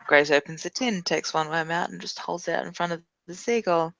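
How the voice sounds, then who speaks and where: A woman's voice: on the low side, fairly quick, vocal fry, a bit bright, no room sound. A woman playing a tabletop role-playing game, describing her character in a wry, matter-of-fact way. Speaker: player.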